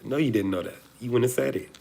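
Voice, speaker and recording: A man's voice: medium pitch, fast, vocal fry, warm tone. A man, hosting a livestream and joking profanely to his chat before preaching his point. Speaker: livestream host. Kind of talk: casual livestream talk to chat.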